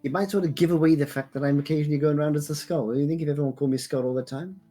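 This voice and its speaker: A man's voice: on the high side, racing, warm tone. A man playing a tabletop game in character, talking in a hesitant, stammering way. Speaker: player. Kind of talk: tabletop role-play in character.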